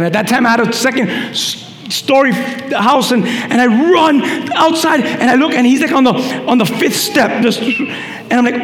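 Pastor guy, really high voice, preachy and animated, yells sometimes, roomy echo with faint hiss. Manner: animated preaching with shouted peaks and quick asides. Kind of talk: sermon. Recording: echoey hall reverb, faint noise.

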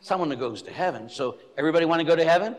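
A man, a Catholic priest, giving a blunt, animated, joking sermon to his listeners. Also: on the high side, racing. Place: church. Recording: echoey church hall.

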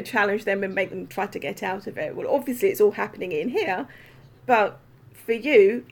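A woman's voice: medium pitch, vocal fry. A woman hosting a podcast over a video call, chatting casually in a meandering way with lots of fillers. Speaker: podcast host. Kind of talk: casual interview chat.

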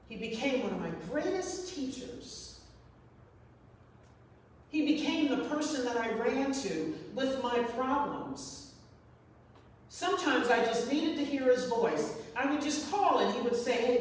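A woman shares a personal story in an earnest, reflective way, often circling back to repeat a phrase. Her voice reaches the mic from some distance in a large, echoing hall with a long reverb tail, and faint noise sits under it. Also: fairly high pitch. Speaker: speaker sharing a personal story. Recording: echoey hall, voice from far off.

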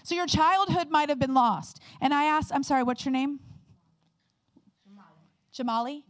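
A woman guest speaker giving a candid, conversational sermon with quick personal asides. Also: sits high.

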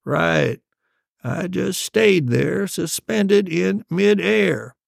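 A man voicing his old father, who tells a boyhood tale in a slow, drawn-out, teasing way. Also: high voice, creaky, dry recording, clean studio sound, voice pushed up, exaggerated voice. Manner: slow, drawn-out, savoring delivery.

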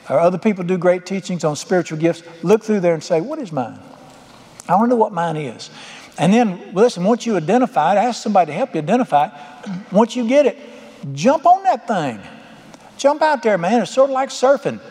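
A male preacher delivers a folksy sermon full of jokes and homespun turns of phrase. His voice sits high for a man. It rings with the long reverb of a church hall. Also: a little mellow. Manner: folksy, joking storyteller with rural turns of phrase. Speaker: pastor.

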